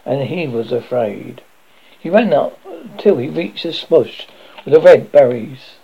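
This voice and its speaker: A man's voice: mid-range voice, animated, unhurried, gravelly, husky. A man reading a children's story aloud, stumbling and correcting himself often. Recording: dull lo-fi recording.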